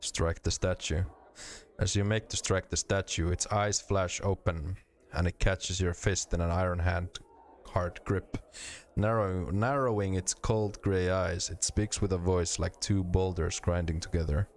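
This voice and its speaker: A man streaming a game, reading the dialogue and narration aloud in a measured, steady way. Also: low-pitched, slight background noise.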